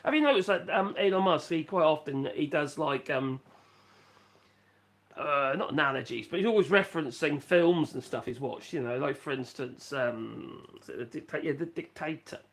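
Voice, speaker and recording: Chatting casually on a live stream from a rural French home, a middle-aged Norfolk man rambles and reads out viewers' messages in his Norfolk English accent. He speaks at a moderate pace in a slightly high, expressive voice, often poking fun at himself.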